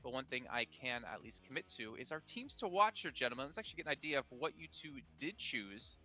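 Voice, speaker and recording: Brief: male desk host, brisk and teasing, sharp bright voice. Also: mid-range voice, sing-song, faint music behind. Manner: brisk, teasing, directs questions to panel. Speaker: watch party desk host. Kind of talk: hosting esports analysis.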